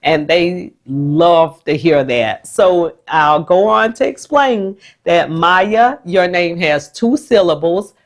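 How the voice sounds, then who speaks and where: Slow, patient woman teacher. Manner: slow, warm and patient, with lively jumps in pitch when acting out the classroom. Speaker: special education teacher. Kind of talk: teacher explaining a phonics technique to camera.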